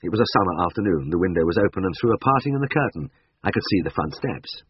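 Male narrator, deep voice, husky, lively pitch, expressive storybook reading. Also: fast talker, lo-fi sound, a little hiss or hum.

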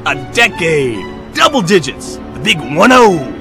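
An actor voicing an eager, excitable male lion in an animated film, fussing over a gift. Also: high voice, measured pace, over music, exaggerated voice.

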